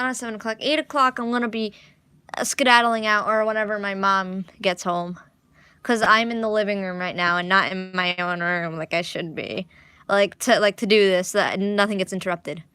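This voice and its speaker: A young woman chats to her camera while she draws in her living room, rambling, restarting lines and joking at her own expense. Her voice is bright and clean, and the sound is dry and close. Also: a little high, clear, resonant tone, dry recording. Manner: rambling, self-mocking, restarts often. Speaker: art vlogger. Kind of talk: casual chat while drawing.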